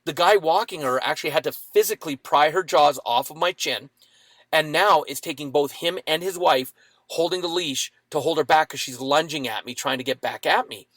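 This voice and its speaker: A man in his fifties telling a dramatic personal story as a podcast guest, with lively acted-out quotes. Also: fairly high pitch, normal speed, no room sound.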